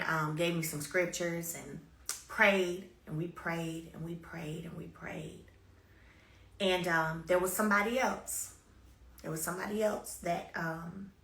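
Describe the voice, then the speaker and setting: With a lowish, creaky, sharp voice in a reverberant space, a woman gives casual spoken testimony to her followers. She tells a personal story emphatically and repetitively, breaking into sudden bursts of energy.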